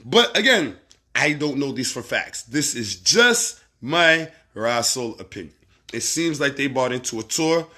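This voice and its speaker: A man with a Barbadian accent hosting a casual livestream, reading viewer comments and giving shout-outs in a laid-back, profane, laughing way. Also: medium pitch, animated, a little slow. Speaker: livestream host.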